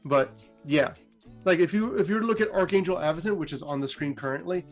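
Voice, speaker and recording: A man casually retelling fantasy game lore in a chatty way, full of fillers and sudden pitch jumps. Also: a little fast, soft background music. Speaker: lore storyteller.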